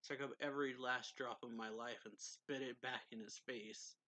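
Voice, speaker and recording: A man's voice: medium pitch, fairly even intonation, normal speed, sharp tone, natural voice. A man reading out the lines of a fierce, protective young male fighter in his own plain voice. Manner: read plainly from a manga page.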